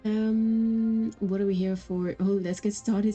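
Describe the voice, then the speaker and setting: A woman's voice: medium pitch, level tone, slow, few pauses, warm tone, faint music behind, poor audio. A woman streaming a game, chatting casually and telling rambling stories with frequent laughs. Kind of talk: casual gameplay chat.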